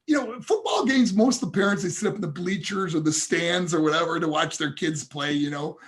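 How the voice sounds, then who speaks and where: A man appears as a podcast guest over video call, a motivational speaker telling a personal story with earnest emotion and calling the hosts "guys." His voice sits on the high side, steady and a bit bright, moving a little fast.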